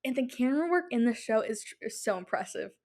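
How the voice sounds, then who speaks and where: A young woman hosts her podcast in loose, chatty talk. She rambles excitedly, tripping over filler words, with a voice set a little high for a woman. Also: quick pace. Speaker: podcast host. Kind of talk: casual chat.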